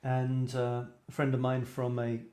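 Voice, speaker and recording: British male host, mellow voice, rambling and self-deprecating, roomy echo. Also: medium pitch, completely flat delivery, a little slow. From Britain. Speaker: host of a photography show. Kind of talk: casual livestream chat. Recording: echoey room.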